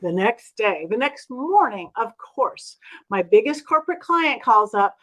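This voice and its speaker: A woman with a high voice tells her story in an interview, acting out the other voices with lively shifts. She talks as a spiritual medium, animated and expressive. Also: moderate pace, low-quality recording. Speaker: guest, medium.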